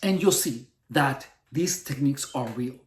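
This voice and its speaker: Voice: medium pitch, lively intonation, measured pace, echoey room, distant mic. A channel host in a casual monologue to camera, rambling and profane and often repeating words.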